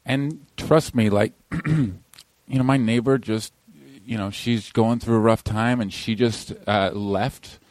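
A man talking casually as a podcast guest, halting and repeating words as he speaks. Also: lowish voice, darkish tone, no room sound.

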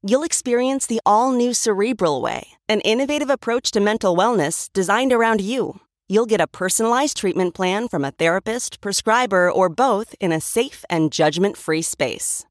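A woman reads a scripted advertisement in a smooth, even, upbeat delivery. Her voice is recorded dry and close, with no room sound. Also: mid-range voice, no room sound. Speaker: ad announcer. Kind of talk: scripted ad read. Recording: dry studio voice-over.

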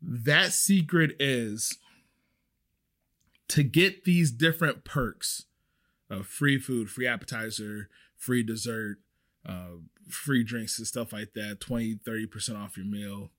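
A man's voice: medium pitch, slow pace, a bit bright. A man, a restaurant server giving emphatic, chatty advice straight to the camera. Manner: emphatic, chatty, repeats points for stress. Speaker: restaurant server sharing industry tips. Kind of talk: casual advice monologue.

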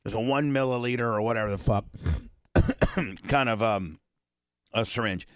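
A man hosting a talk radio show, telling a crude story in a rambling, profane way and often clearing his throat. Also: mid-range voice, moderate pace, no room sound.

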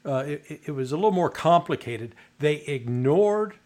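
A man's voice: fairly high pitch, animated, normal speed, darkish tone. A man who was once an intelligence officer, speaking as a matter-of-fact guest on a remote roundtable and stumbling slightly at the start of his points. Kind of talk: roundtable discussion. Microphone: remote call.

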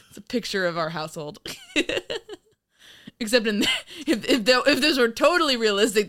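A woman's voice: mid-range voice, sharp tone, clear, resonant tone, dry recording, clean studio sound. Giggly woman podcast co-host. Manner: giggly, rambling with fillers. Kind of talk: casual chat.

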